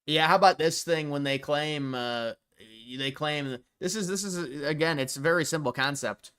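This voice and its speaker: Bright-voiced man rambling on a livestream. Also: on the high side, normal speed, smooth. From United States. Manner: rambling, thinking aloud with frequent restarts. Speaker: livestream host. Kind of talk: casual livestream commentary reading chat.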